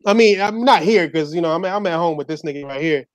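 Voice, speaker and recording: Loud laughing high-voiced man. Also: fast talker, no room sound. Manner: loud, profane, laughs often, playful impressions. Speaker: YouTube gamer co-host. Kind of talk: casual podcast chat.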